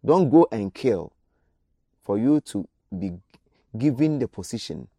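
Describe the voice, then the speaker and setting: Animated preacher giving a sermon. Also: male voice, mid-range voice, unhurried, no room sound, clean studio sound. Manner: exhorting, with repeated direct appeals. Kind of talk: radio sermon.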